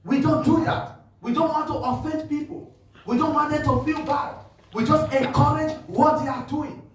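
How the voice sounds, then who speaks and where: A man preaching a sermon as pastor, moving from quiet talk to fervent shouting. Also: very high-pitched, fairly even intonation, normal speed, slight background noise. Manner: impassioned, swings from quiet to shouting. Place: church hall. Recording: echoey hall, mic far off, faint music.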